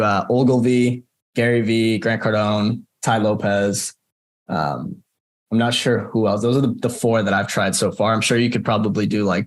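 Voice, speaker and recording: A young man coaching a group on a call, casual and chatty, with many fillers and repeated words. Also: fairly low pitch. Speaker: marketing coach presenting. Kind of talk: casual screen-share walkthrough on a call.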